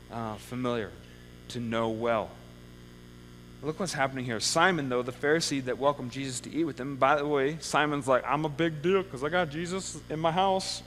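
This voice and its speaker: A man's voice: mid-range voice, a bit bright. A male pastor giving a conversational sermon in a church, often checking in with the congregation with "okay?". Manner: conversational preaching with frequent "okay?" check-ins. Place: church sanctuary. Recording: long hall reverb with faint mains hum.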